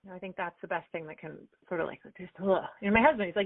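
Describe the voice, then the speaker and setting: A woman in her forties, a performance coach answering interview questions in an energetic, chatty way. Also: fairly low pitch, very fast, no echo. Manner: energetic, chatty, acts out little quoted exchanges. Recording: dry, phone-like remote call audio.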